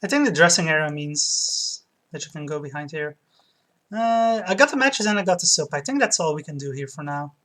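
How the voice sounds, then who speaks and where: A woman's voice: sits low, expressive, fairly quick. A woman chatting through a let's play, giggling and reading viewers' messages aloud. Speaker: streamer. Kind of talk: let's play game commentary.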